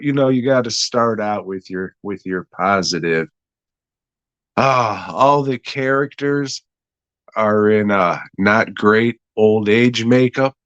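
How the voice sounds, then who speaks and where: A man's voice: fairly low pitch, fairly bright tone, dry recording, low-quality recording. A young man casually reviewing a TV episode, laid-back, meandering and swearing a lot. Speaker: podcast host reviewing a TV episode. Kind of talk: casual, profane review chat.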